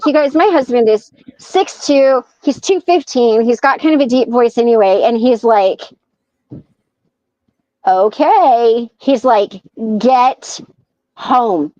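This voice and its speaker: High-voiced woman telling an animated story. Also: unhurried, few pauses, dry recording. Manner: animated storyteller acting out quoted dialogue. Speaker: podcast guest. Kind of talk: casual storytelling. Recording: dull lo-fi sound.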